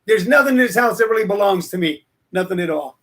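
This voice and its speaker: A stand-up comic in his sixties fronts a casual livestream, his high voice lively in intonation as he talks quickly. He rambles, jokes, and digresses between plugs and anecdotes.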